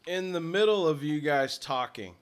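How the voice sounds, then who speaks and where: A man's voice: on the high side, expressive, moderate pace, clear, resonant tone. A man running a tabletop game as game master, narrating casually with fillers and some swearing.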